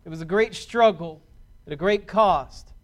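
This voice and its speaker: A pastor preaching a sermon in an earnest, heartfelt manner with emphatic repeats. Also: male voice, high voice, normal speed, fairly bright tone.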